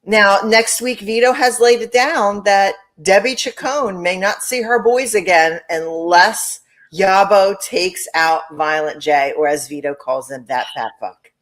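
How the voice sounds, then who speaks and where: Animated, gossipy woman co-host. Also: medium pitch, a little slow. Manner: animated, swears freely, gossipy. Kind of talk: casual chat.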